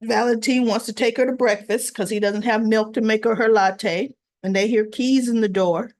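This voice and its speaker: A woman's voice: on the high side, fairly even intonation, moderate pace, a little mellow, dry recording. A woman hosting a casual recap, retelling scenes with acted-out quotes and chatty asides. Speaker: soap opera recap host.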